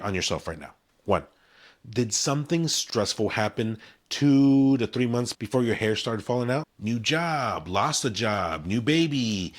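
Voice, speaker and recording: A man at mid pitch with a lively, rising and falling delivery, talking straight to camera. He speaks punchy and conversational and leans hard on key words. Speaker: hair-care brand founder. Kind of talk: direct-to-camera explainer.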